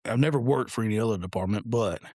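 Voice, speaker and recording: A man's voice: lowish voice, fast, darkish tone, dry recording, clean studio sound. A man in his forties, a police officer co-hosting a podcast, telling blunt, profane stories in casual chat.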